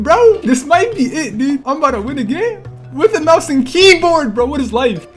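Excitable young man yelping through gameplay. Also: extremely high pitch, normal speed, soft background music. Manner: excitable, panicky, yelps and shouts; repeats phrases, slangy "bro" and "dude". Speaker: gaming streamer. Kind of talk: live gameplay commentary.

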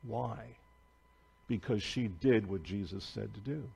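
A man preaching a sermon as pastor, telling a story emphatically and swinging between loud declarations and hushed asides. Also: on the low side, measured pace, gravelly, breathy edge. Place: church sanctuary.

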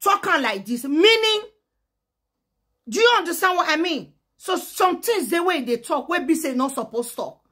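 A Nigerian woman with a high, bright-toned voice talks straight to camera in a fired-up rant. She speaks with a strong Pidgin accent, sliding between Pidgin and English and hammering her points with emphatic, fiery force. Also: animated, normal speed. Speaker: social media commentator.

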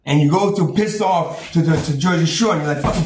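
A man with a fairly high voice rants in a rambling, profane way. He stumbles over repeated words and laughs bitterly. The room echoes around him, with a faint hiss underneath. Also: expressive, fairly quick. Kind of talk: angry personal rant. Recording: roomy echo, faint background noise.

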